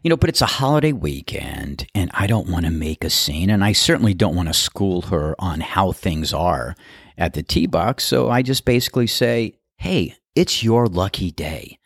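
With a deep, creaky voice carrying a breathy edge, a man working as a golf course starter narrates a casual story, animatedly mimicking other people's voices. He talks at normal speed, and the studio sound is clean with no echo.

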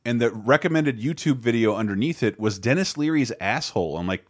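A man with a mid-pitched voice chats on a podcast. He speaks with enthusiasm and often stumbles over repeated words as he restarts. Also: expressive, brisk. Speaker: podcast co-host. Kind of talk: casual chat.

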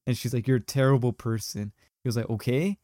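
A young male podcast host with a medium-pitched, steady, warm voice talks fast, rambling through a story in casual chat full of slang and fillers. The recording is dry and studio quality.

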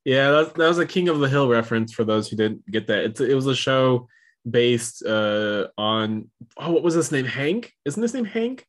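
A man co-hosting a podcast with a mid-pitched voice, neither high nor low for a man. He talks in a relaxed, meandering way, with lots of "like" and "um". The delivery is easygoing and chatty. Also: moderate pace. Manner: relaxed, filler-heavy talk. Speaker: podcast co-host. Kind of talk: casual podcast chat.

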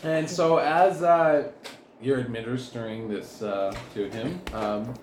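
A man's voice: mid-range voice, slow, darkish tone, roomy sound, a little hiss or hum. A man narrating as game master of a tabletop role-playing game, often laughing as he talks.

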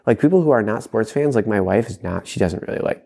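Man, young adult, lowish voice, rambling storyteller, laughs often, casual podcast chat. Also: animated, fast, creaky, dark tone. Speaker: podcast co-host.

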